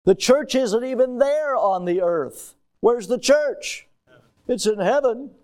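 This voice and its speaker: A man with a notably high voice delivers a teaching sermon. He reads old-fashioned scripture wording aloud, then explains it plainly and throws questions to his listeners. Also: lively intonation, slow, a little mellow. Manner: teacherly, asks the congregation questions. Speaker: pastor. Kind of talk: expository sermon.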